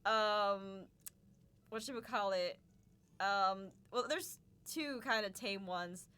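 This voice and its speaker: A woman hosting a livestream, chatting casually while playing a card game, talkative and quick to laugh. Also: medium pitch, pushed and bright, clear, resonant tone. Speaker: livestream host.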